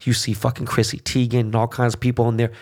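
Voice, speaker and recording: Male podcast host, mid-pitched voice, swearing nonstop in a fired-up rant. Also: monotone, quick pace, a little mellow. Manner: heated, swearing constantly, repeats "okay?". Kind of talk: profane political rant.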